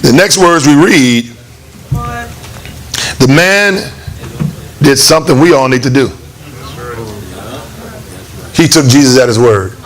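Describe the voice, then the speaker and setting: A man preaching a conversational, animated sermon in church, acting out lines of the story. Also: mid-range voice, slow pace, long pauses, slight background noise. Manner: animated, conversational, acts out voices with laughs. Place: church hall.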